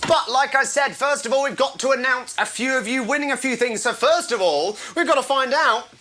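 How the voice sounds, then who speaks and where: A man hosting a casual comedy show from home, playful and self-mocking, quick to laugh at his own jokes. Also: very high voice, poor audio. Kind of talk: casual live show chat.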